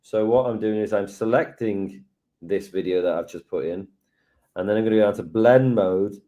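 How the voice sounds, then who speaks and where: Low, mellow man thinking aloud. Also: normal speed, highs cut off. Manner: relaxed, thinking aloud while working. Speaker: co-presenter. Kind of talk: live software lesson.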